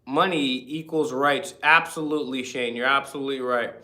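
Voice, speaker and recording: A man's voice: medium pitch, steady tone, normal speed, sharp tone, echoey room. A man hosting a casual livestream chat, rambling and reading viewer comments aloud. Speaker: livestream host.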